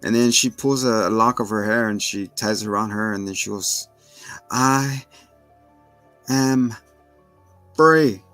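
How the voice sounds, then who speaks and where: A man, a parent, casually recapping a TV episode and retelling its scenes with quick asides. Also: steady tone, a bit bright, no echo, faint music behind, low-quality recording. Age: adult with children. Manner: retells scenes and acts out the characters' lines in a higher voice. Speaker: show host recapping a TV episode. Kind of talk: casual recap with acted quotes.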